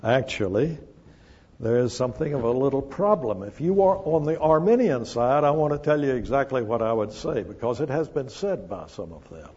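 An older man preaching an expository sermon, slow and emphatic, stressing scripture word by word. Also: medium pitch, animated, darkish tone, husky. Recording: dull lo-fi recording.

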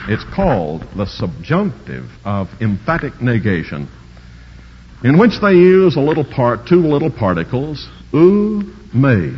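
Man, preacher, sermon, emphatic repetition, scholarly, husky voice, lo-fi recording with hall echo. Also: mid-range voice, big pitch swings, a little slow. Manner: emphatic, repeats key words with swelling force; scholarly, explains Greek grammar. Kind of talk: sermon expounding scripture. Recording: dull lo-fi recording with long hall reverb.

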